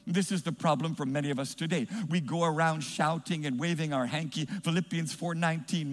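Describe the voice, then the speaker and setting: A man preaching a sermon in a church, emphatic and rising to shouts as he calls for responses. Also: on the high side, moderate pace, in a large hall.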